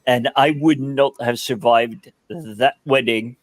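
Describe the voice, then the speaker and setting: A man's voice: mid-range voice, slow, no room sound. A man hosting a casual panel chat, cheeky and prone to repeating words. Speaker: host.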